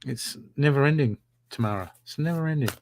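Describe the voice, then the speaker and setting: A man giving live psychic readings from home, talking in an animated, encouraging way with a lot of repetition. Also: mid-range voice, fairly quick, noisy background. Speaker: psychic reader. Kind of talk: live-streamed spiritual reading.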